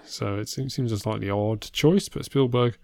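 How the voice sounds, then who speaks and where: A man's voice: medium pitch, moderate pace, gravelly, a little mellow. A man co-hosting a casual film podcast, talking in a dry, hesitant way with many uh's and restarts. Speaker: podcast co-host. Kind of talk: casual film news chat.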